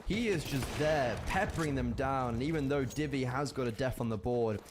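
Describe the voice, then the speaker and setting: A man casting a live competitive shooter match as play-by-play commentator, animated and rising in bursts at big plays. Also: mid-range voice, moderate pace, noisy background. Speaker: esports caster.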